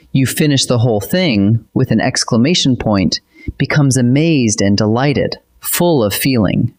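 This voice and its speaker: A man narrates a scripted grammar lesson with a steady, clear delivery. His voice sits in an ordinary middle pitch. He explains each point patiently, like a teacher walking a class through examples.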